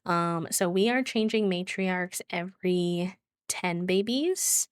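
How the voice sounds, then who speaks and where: A woman's voice: lowish voice, slow pace, clean tone, no echo. Chatty woman streamer, dry sound. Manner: chatty and warm toward viewers, with frequent fillers and laughs. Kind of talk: casual live-stream chat.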